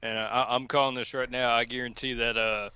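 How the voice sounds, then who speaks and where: A man's voice: medium pitch, level tone, brisk, sharp tone, clean tone, no room sound, lo-fi sound. A young man co-hosting a stream, chatting casually and hesitantly with many fillers. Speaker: stream co-host. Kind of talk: casual chat.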